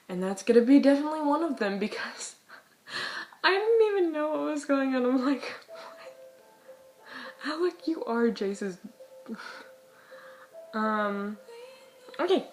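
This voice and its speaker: Young woman, hoarse from illness, rambling book chat, slow unhurried delivery, faint music behind. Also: medium pitch. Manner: chatty, rambling, dramatic outbursts, giggly. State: hoarse, losing her voice from illness. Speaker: book vlogger. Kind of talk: casual chat. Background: soft music.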